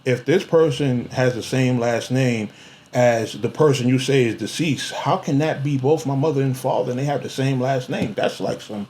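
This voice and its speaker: A man's voice: mid-range voice, moderate pace, a little mellow. A young man, ranting at someone to the camera in a vlog, mocking and confrontational, repeating lines for emphasis. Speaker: vlogger. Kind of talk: heated rant to the camera.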